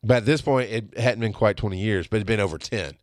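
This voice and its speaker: A man's voice: fairly low pitch, fast, dry recording, studio quality. Blunt, swearing man in his thirties. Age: 30s. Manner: blunt and animated, swears often. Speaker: podcast host. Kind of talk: casual monologue.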